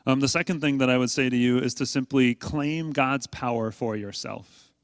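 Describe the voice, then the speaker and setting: A man's voice: medium pitch, steady tone, moderate pace, dry recording. A man preaching a sermon to his congregation in a conversational way, asking rhetorical questions and leaning hard on key points. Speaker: pastor.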